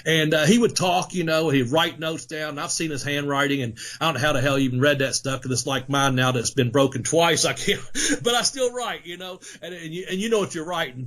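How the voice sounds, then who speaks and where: A fairly high-voiced man hosts a casual podcast, and he sounds loose and excitable. He swears freely and laughs between thoughts. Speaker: podcast host, former pro wrestler.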